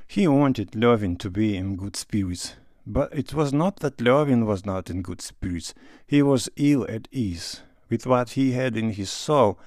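Low-voiced man narrating a classic novel. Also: darkish tone, no echo, clean studio sound. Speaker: audiobook narrator.

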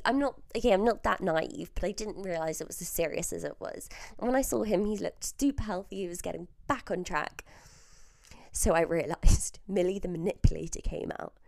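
A woman's voice: lowish voice, creaky, a little mellow, no room sound, studio quality. A young woman in her early twenties, a podcast host who is feeling unwell, telling stories in a chatty way, laughing often and sometimes dropping to a whisper. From southern England. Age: early 20s. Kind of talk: casual chat. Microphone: very close to the mic.

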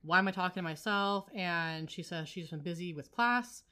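A woman's voice: fairly low pitch, moderate pace, pushed and bright. A woman co-hosting a podcast, recapping a TV episode in casual chat and arguing her points firmly. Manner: opinionated, argues and retells scenes. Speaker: podcast co-host.

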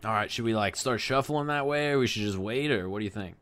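Male player, smooth clear voice, relaxed and slangy. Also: lowish voice, fast. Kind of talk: casual tabletop play.

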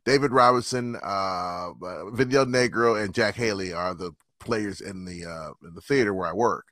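A man telling stories in a casual chat, animated and profane, often laughing. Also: deep voice, moderate pace, dry recording, studio quality.

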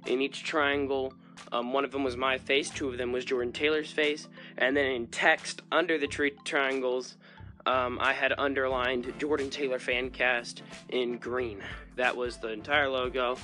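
A man's voice: mid-range voice, steady tone, normal speed, sharp tone, soft background music. A man hosting a casual fan podcast, talking in a playful, chatty way. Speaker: podcast host.

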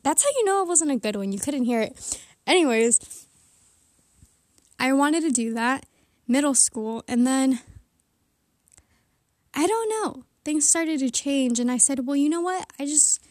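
A high-voiced teenage girl rambles casually with giggly asides, a little winded. She talks from under a blanket, so the sound is close and dead dry. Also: a little mellow, no room sound. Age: teens. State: slightly out of breath.

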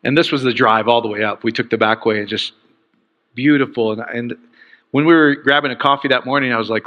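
A man's voice: mid-range voice, a little fast, fairly bright tone. A man preaching a sermon in an enthusiastic, conversational way. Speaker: pastor. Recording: dull sound with long hall reverb.

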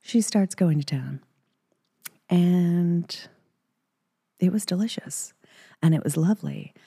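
A woman's voice: on the low side, slow, mellow, breathy edge. A middle-aged woman from Texas, hosting a podcast and telling a personal story in an intimate, giggly way, often dropping into whispers. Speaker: podcast host.

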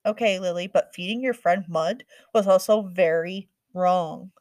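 A woman's voice: on the low side, unhurried, a little mellow, dry recording, clean studio sound, natural voice. A woman reading the part of a worried, stern mother scolding her daughter, firm and exasperated.

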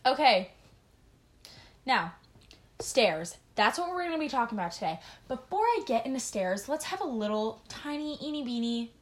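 A teenage girl hosts her own casual solo podcast in a sing-song voice on the high side, at a moderate pace. She is a little out of breath and eating while she talks. She rambles, interrupts herself, and trips over her words.

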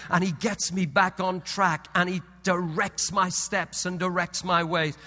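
A male pastor preaching a sermon in a storytelling way, often repeating words and dropping soft and low for solemn points. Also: steady tone, measured pace, few pauses, long reverb tail. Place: church hall.

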